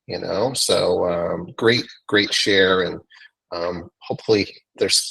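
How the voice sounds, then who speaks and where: A man's voice: sits low, creaky, slightly rough, low-quality recording. A man hosting a real estate training call, talking loosely and casually with many fillers. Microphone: video call.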